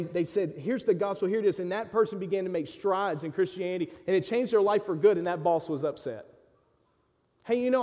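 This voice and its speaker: A man preaching a sermon to his congregation in a church sanctuary, impassioned, swinging between loud urging and hushed pleading. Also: high voice, big-room sound. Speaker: pastor.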